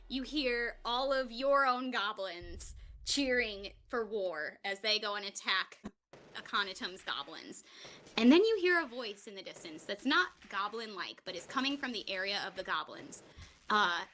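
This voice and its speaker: Woman running a tabletop game, bright voice, laughs a lot, quick and chatty. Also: medium pitch. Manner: upbeat, laughs often, quick asides. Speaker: game master.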